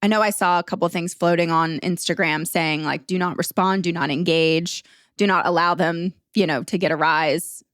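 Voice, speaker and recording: A woman hosting a podcast, asking questions in an unhurried, attentive way. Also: on the low side, fairly even intonation, no room sound, studio quality. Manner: unhurried, attentive listener with soft affirmations. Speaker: podcast host. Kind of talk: casual interview.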